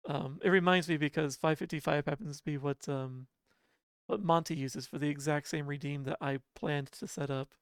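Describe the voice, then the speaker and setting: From a home apartment, a livestreamer chats casually with viewers, laughing often and poking fun at themselves. The voice is medium-pitched with fairly even intonation, a moderate pace, and a clean tone, recorded with clean studio sound and no room sound.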